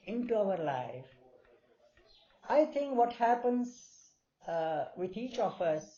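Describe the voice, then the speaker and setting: A man telling stories to a small group in a gentle, unhurried way, acting out the voices in them. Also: high-pitched. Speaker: speaker sharing stories of his spiritual master. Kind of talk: informal storytelling talk to a small group. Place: meeting hall. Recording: dull lo-fi recording.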